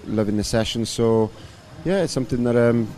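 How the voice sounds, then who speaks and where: A man in his thirties, a rugby coach, answering interview questions in a relaxed, rambling way with lots of fillers. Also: mid-range voice, a little fast, slight background noise. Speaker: rugby coach and former player.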